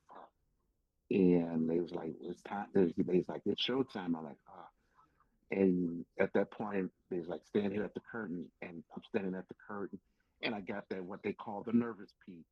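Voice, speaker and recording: A man's voice: low voice, breathy edge, dry recording. A man, a pro wrestler guest on a podcast, telling stories animatedly and acting out what people said, with casual swearing. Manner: animated storyteller who acts out quotes, swears casually. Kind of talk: casual storytelling interview. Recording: slightly dull lo-fi podcast audio.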